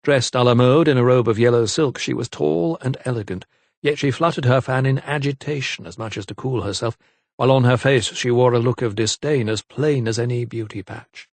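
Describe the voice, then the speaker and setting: Male audiobook narrator, measured delivery, mid pitch, dry booth sound. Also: a little mellow, no room sound. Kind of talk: scripted narration.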